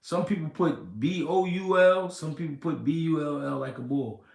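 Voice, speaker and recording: A man hosting a casual livestream, reading comments and talking slow and deliberate, repeating himself and swearing. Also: a little high, vocal fry. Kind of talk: casual livestream talk about boxing. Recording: roomy echo.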